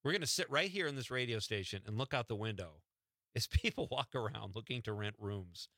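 A man's voice: mid-range voice, animated, fairly quick, pushed and bright, no echo. A man hosting a radio show from the studio, chatting casually and teasing his co-host. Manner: joking, teasing.

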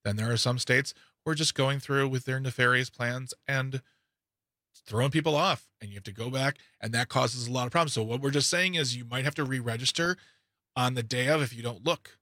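A man's voice: mid-range voice, fairly quick, sharp tone, dry recording. A man hosting a political talk radio show, talking casually with sarcastic asides and frequent stammered restarts into a studio microphone.

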